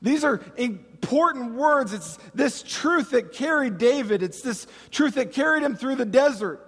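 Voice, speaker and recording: A male pastor delivers a sermon with a high, lifted voice. He lingers on pauses and rises into impassioned cries. The sound rings out in a reverberant church hall. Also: expressive, fairly bright tone, slightly rough. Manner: preaching with slow dramatic pauses and impassioned cries.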